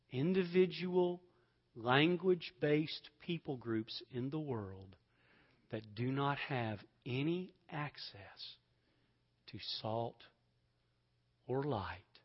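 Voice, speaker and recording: Man, pastor preaching a sermon, high voice, dramatic loud-to-whisper swings, slow deliberate delivery. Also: muffled recording. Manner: swings from loud emphatic bursts to soft near-whispers.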